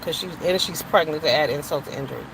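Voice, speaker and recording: A woman's voice: sits low, fast, creaky, noisy background. Blunt, profane woman host ranting. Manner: blunt, profane, emphatic, preachy asides. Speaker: show host. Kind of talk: opinionated casual commentary.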